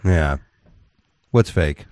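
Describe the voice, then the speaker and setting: A man with a low voice co-hosts a radio talk show, reading out offbeat news and bantering with his partners. He rambles, restarts his sentences and talks tough. His voice is dry and close to the mic. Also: lively intonation, very slow, a little mellow, dry recording.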